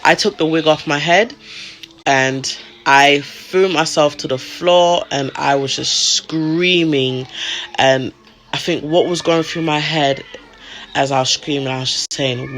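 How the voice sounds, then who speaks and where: Low-voiced woman telling her own story. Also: fairly even intonation, takes it slowly, slight background noise. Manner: emotional, candid, drifts between hushed and raised. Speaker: vlogger. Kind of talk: personal storytelling to camera.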